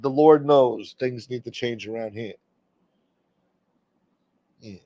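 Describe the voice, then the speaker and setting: A man's voice: mid-range voice, slow, warm tone, dry recording. A man hosting a casual livestream, rambling, swearing freely and reading viewer comments aloud. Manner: rambling, profane, reads chat aloud. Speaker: livestream host.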